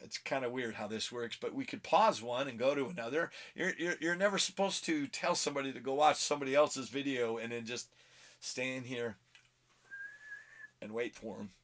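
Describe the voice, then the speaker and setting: A male comic book vlog host rambles casually, getting easily sidetracked and laughing at himself. His voice is mid-range and a bit bright at normal speed, captured on a phone camera.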